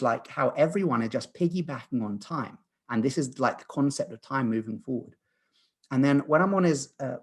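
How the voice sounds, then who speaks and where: Husky-voiced guy in his 30s, earnest and animated, tells stories with lots of restarts. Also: medium pitch. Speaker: guest. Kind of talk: storytelling in conversation.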